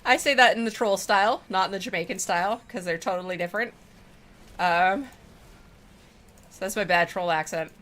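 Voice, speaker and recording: A woman's voice: lowish voice, normal speed, long pauses, fairly bright tone. A woman streamer chatting casually with her viewers while she plays a game, rambling and affectionate. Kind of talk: casual chat while gaming.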